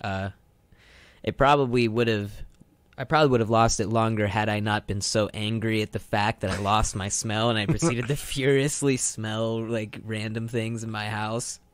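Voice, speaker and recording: A man's voice: lowish voice, fairly even intonation, moderate pace. A young man co-hosting a college radio show, telling a story in a wry, casual way with repeated words, on a studio microphone.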